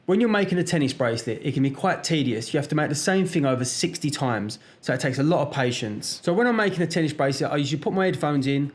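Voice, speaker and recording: A man's voice: fairly high pitch, animated, fast, few pauses. A man with an East London accent, a jeweller narrating his vlog in a plain, matter-of-fact way. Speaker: jeweller and channel host.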